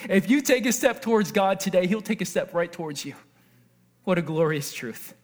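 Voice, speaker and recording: Male pastor with a high voice, earnest sermon delivery, moves between quiet and animated passages. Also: moderate pace. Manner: earnest, swings from hushed to excited.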